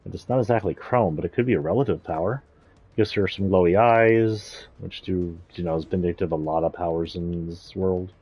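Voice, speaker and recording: A man's voice: sits low, brisk, slightly rough, no echo, muffled recording. A man giving casual, rambling gameplay commentary, thinking aloud and correcting himself as he goes. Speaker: streamer.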